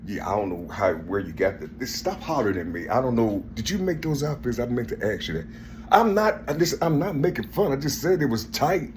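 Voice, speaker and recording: A man's voice: medium pitch, very animated, fairly quick, darkish tone, slight background noise. A man talking in a rambling, casual monologue, laughing often and repeating "listen" and "you see" as he addresses an unseen listener.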